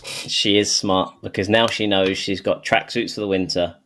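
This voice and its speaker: A man's voice: lowish voice, fairly even intonation, moderate pace, fairly bright tone, a little hiss or hum. A man co-hosting a podcast, telling holiday anecdotes in an easygoing way and laughing through them. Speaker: podcast co-host. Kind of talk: casual storytelling chat.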